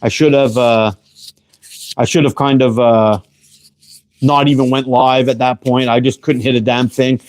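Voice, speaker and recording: Measured and level, with long pauses, this man's medium-pitched, darkish voice carries a laid-back shop livestream. He builds slingshots, swears freely, and greets viewers by name, leaning in close to the camera to read chat.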